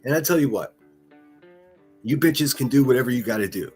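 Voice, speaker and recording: A man's voice: mid-range voice, expressive, a little fast, a little mellow, slightly rough, faint music behind. A man from the northern United States ranting on a livestream, profane, mocking and combative.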